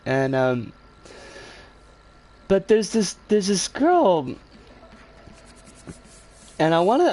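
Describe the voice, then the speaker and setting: A woman streaming live and chatting with her viewers, her pitch leaping all over the place from high squeals down to low mutters. She talks in a rambling, self-deprecating way, exclaims often and swears freely. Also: a little mellow. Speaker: livestreamer. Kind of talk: casual livestream chat, reacting to chat.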